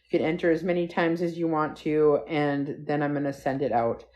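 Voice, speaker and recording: A woman's voice: low voice, flat delivery, moderate pace, a little mellow. A woman hosting a casual live stream, rambling and chatty as she talks to viewers and her dog, recorded on a phone. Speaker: livestream host. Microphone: phone livestream.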